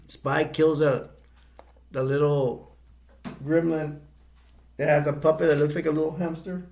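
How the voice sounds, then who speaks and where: A middle-aged man giving a casual, rambling movie review, halting often and restarting his sentences. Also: a little high, flat delivery, darkish tone, slight background noise.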